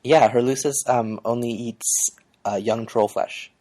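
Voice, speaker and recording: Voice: mid-range voice, steady tone, measured pace, warm tone. A podcast co-host chatting casually about a webcomic, hesitating often with ums and uhs.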